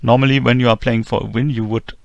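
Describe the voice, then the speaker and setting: Male chess instructor, heavy vocal fry, dry close-mic read, methodical delivery. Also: mid-range voice, fast talker, no room sound, lo-fi sound. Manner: methodical, calm move-by-move explanation. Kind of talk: explanatory chess lesson narration.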